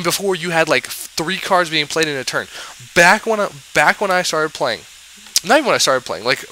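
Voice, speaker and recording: Exasperated ranting man, sharp bright voice. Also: on the high side, a little hiss or hum, low-quality recording. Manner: sarcastic, exasperated, rambling with fillers. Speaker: card game vlogger. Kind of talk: ranting commentary.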